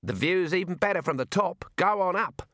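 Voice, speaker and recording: A man's voice: high voice, expressive, normal speed, bright, forceful tone, no echo, clean studio sound, voice pushed up. A man voicing a jovial, boastful male wizard leader with a cheerful, teasing manner.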